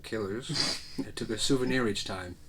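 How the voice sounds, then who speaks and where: A man's voice: lowish voice, moderate pace, slight background noise. A man reading the lines of a mocking young man in a comedy script read. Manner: flat comic reading. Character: mocking young man who laughs at the killer.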